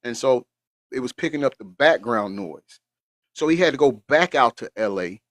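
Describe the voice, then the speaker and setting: A man's voice: medium pitch, animated, normal speed, fairly bright tone, no room sound, studio quality. A middle-aged man, hosting a casual livestream, earnest and emotional, repeating phrases for emphasis and choking up at times. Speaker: livestream host.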